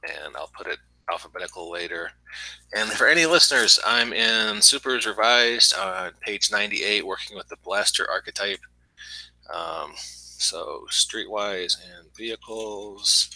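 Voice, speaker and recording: A man playing in a tabletop game, chatting casually and thinking aloud with hesitant pauses. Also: on the low side, sharp tone, no room sound, rough recording. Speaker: player. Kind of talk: casual tabletop podcast chat.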